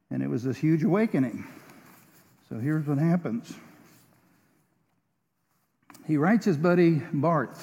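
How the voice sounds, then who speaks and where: A man preaching a sermon, telling a story, hushed at times and emphatic at others. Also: high voice. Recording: muffled sound with long hall reverb.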